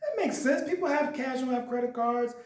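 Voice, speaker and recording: Animated Chicago man lecturing in echoey room. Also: extremely high pitch, a little fast. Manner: lively, acts out voices in dialogue. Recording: echoey room, mic at a distance.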